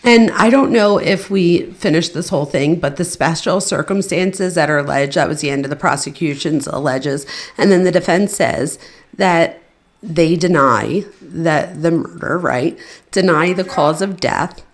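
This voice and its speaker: Woman, lowish gravelly voice, casual live true crime stream host, chatty with viewers, home desk mic. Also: measured pace. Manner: chatty, addresses viewers as "you guys". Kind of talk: casual livestream commentary.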